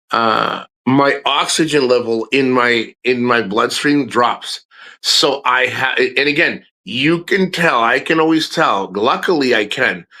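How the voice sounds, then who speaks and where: A man's voice: mid-range voice, bright, forceful tone. A middle-aged man streaming live, talking casually and candidly, swearing and restarting his sentences often. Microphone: streaming microphone.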